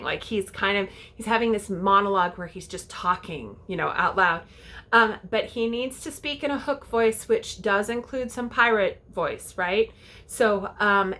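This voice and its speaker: A woman's voice: mid-range voice, fairly bright tone. A woman directing a youth theater, giving casual, chatty audition instructions to parents and kids, often checking in with "okay?".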